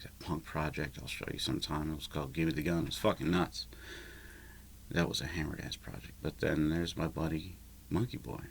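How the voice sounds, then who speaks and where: A man's voice: rumbling low, creaky, a bit bright, slight background noise. A man rambling alone in a home vlog, swearing often and mocking himself as he talks to himself. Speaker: vlogger and musician. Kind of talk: rambling solo vlog talk. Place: at home, neighborhood lawnmowers outside.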